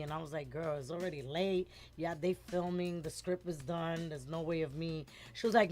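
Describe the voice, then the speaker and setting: A middle-aged woman, telling a lively story as a guest in a casual interview and acting out the voices of the people in it. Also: fairly low pitch, a little fast, hardly any pauses, faint music behind. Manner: animated, acts out quoted voices, switches between English and Spanish words.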